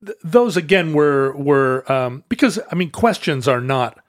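A man's voice: fairly high pitch, animated, unhurried, no echo, studio quality. A man co-hosting a casual chat, musing aloud and often restarting his thoughts.

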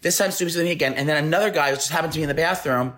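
A man co-hosting a podcast, telling a rambling, animated story in casual chat with frequent restarts. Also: a little high, racing. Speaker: podcast co-host.

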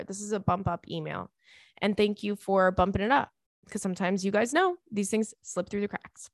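A woman in her thirties hosting a podcast, chatting casually and reading a listener letter aloud in a lively, excitable way with casual swearing. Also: medium pitch, moderate pace, no room sound, studio quality. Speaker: podcast host.

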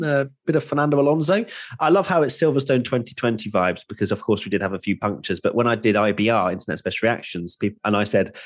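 A man hosting a casual podcast chat, chatty and upbeat with jokey asides. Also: medium pitch. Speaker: podcast host.

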